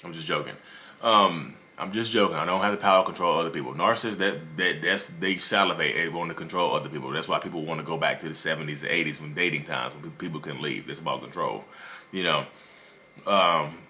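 A man giving casual relationship advice straight to viewers, animated and joking. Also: rumbling low, fast, a little hiss or hum.

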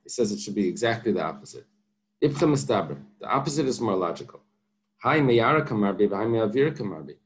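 A man's voice: fairly low pitch, lively intonation, quick pace, a little hiss or hum. A man teaching a daily Talmud class, reading Aramaic and translating it line by line with patient explanations and light joking asides. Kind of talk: daf yomi Talmud class.

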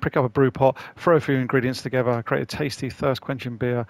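A man's voice: medium pitch, fairly even intonation, fast, dry recording. A man casually commenting on a video game he is playing for the first time, chatty and rambling. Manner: chatty, rambling, self-deprecating. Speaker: gaming channel host.

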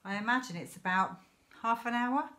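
A woman voicing a cheerful father in a storybook reading, speaking in a gentle, wry manner. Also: a little high, moderate pace, voice pushed up. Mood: easy. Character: cheerful father, calm and playful man.

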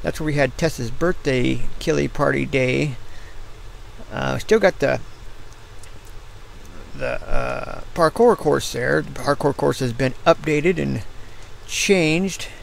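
A tired middle-aged American man with a gravelly voice, yawning as he rambles through casual commentary on his gameplay stream. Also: medium pitch, slow pace, long pauses, a little hiss or hum, poor audio.

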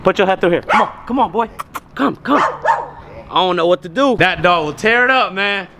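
A man's voice: high voice, lively intonation, moderate pace, bright, forceful tone, slight background noise. A young man vlogging outdoors on city streets, joking and teasing his dog in comedic banter. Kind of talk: comedic walking vlog.

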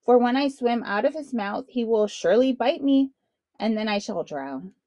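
A woman voicing a clever, brave young boy in a storybook read-aloud, sly and quick-witted. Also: a little high, dry recording, lo-fi sound, close to an everyday voice. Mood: feigned fear.

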